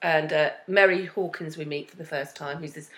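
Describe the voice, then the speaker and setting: A woman's voice: sits low, fairly even intonation, normal speed, a bit bright, echoey room. A woman co-hosting a casual chat about a TV series, chatty, recapping the plot and adding trivia. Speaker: podcast co-host.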